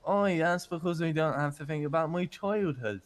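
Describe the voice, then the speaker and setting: A man's voice: fairly high pitch, fairly quick. A man doing a put-on Irish accent while roleplaying in character, stammering and earnest, often ending lines with tag questions. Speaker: roleplay player.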